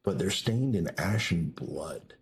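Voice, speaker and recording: A man narrating a tabletop game as game master, slow and descriptive with hesitant restarts. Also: deep voice, expressive, husky.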